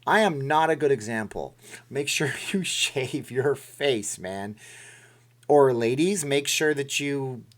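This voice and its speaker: A man's voice: mid-range voice, expressive, slow pace. A middle-aged man hosting a casual livestream from home, giving rambling motivational talk and reading viewer messages. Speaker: livestream host.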